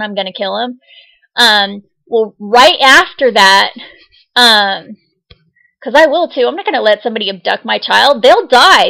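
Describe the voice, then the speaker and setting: Woman, young adult, casual vlog talk, insistent, agitated, somewhat high voice. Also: sharp tone, rough recording. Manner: agitated, insistent, repeats herself. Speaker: vlogger.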